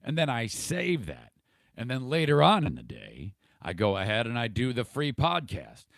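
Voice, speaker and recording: A man's voice: mid-range voice, huge pitch swings, moderate pace, gravelly, a bit bright, no room sound. A podcast host talking through a casual livestream monologue, rambling and irritable, swearing freely and restarting his sentences.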